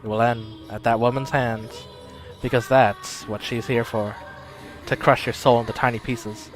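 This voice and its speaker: A man voicing a cold, taunting inner voice that speaks slowly and chuckles. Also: medium pitch, fairly even intonation, soft background music, natural voice. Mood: mocking. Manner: smug, slow, chuckling.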